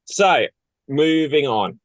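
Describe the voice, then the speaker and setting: A man's voice: on the high side, lively intonation, slow, no echo. A man hosting an online improv game with dry, teasing remarks, over a video call. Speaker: improv host.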